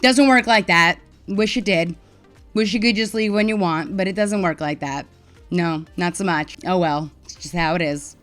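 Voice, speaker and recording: Frank New York woman with a lowish voice. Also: moderate pace, faint music behind. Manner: frank and wry, gets loud and heated when retelling arguments. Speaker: mental health advocate vlogger. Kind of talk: casual personal storytelling to camera.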